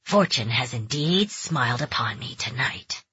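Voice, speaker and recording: Gruff creepy forest bum guy, a lady doing him, husky low growly drawl, storybook. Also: lively intonation, bright, forceful tone, no room sound, full character voice. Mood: gloating. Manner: slow, leering drawl. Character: dirty leering male forest vagrant, menacing. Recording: dull, dry close recording.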